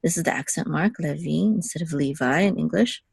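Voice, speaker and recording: This low-voiced woman teaches Hebrew letters and vowels one-on-one, moving patiently through each step and frequently checking in with "okay?" Her voice carries vocal fry and is slightly rough, and the close, dry recording has no room sound.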